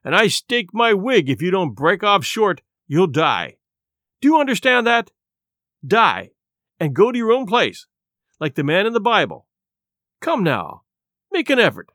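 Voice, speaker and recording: A man's voice: high-pitched, wildly swooping pitch, measured pace, pauses often, fairly bright tone, no echo, clean studio sound, pitched above the performer's own voice, full character voice. A man reading an audiobook, voicing a blunt doctor who lectures firmly. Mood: stern. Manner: firm, scolding.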